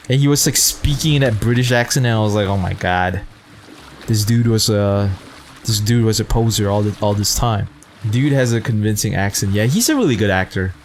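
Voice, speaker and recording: A man's voice: medium pitch, slight background noise. Laid-back man rambling casually. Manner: rambling, laid-back, profane, laughs at own jokes. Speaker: streamer. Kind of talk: casual chat.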